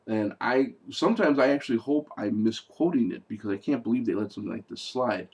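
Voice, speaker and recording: A man's voice: mid-range voice, a little fast, a little mellow. A man giving a casual spoken movie review, sarcastic and exasperated, rambling with fillers and restarts.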